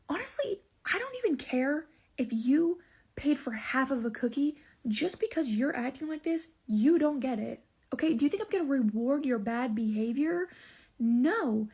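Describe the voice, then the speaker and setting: A woman's voice: high voice, animated, normal speed, darkish tone, slightly rough. A woman who manages a store, telling a customer story in an indignant, emphatic, casual storytime way. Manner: indignant, emphatic retelling with asides.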